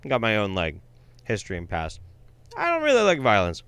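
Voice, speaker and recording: Male commentary host, swears a lot, exasperated, very animated, bright and dry close mic. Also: fairly low pitch, fairly quick, vocal fry, smooth, no echo. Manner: profane, exasperated. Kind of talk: reaction commentary on a video.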